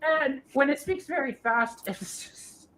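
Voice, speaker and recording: A woman hosting, chatting casually about voices and laughing often. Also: sits high. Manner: giggly, slow and animated. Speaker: host. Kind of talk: casual chat reviewing voices.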